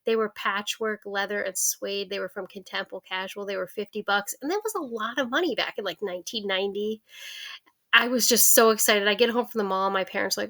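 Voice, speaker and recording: A woman in her forties telling her personal money story to camera in a candid, lively way, acting out the voices of her family. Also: medium pitch, brisk. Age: 40s. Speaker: vlogger.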